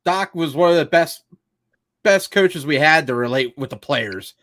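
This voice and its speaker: A man's voice: on the high side, animated, unhurried, a crowd in the background. A man co-hosting a casual sports podcast, ranting in a frustrated, profane, rambling way. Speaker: podcast co-host.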